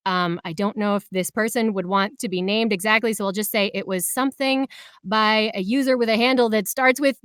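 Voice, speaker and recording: Woman voice actor chatting in an interview, animated, slightly high voice, dead dry sound. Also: no echo. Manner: animated, acts out quoted voices with big jumps. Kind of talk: casual interview storytelling.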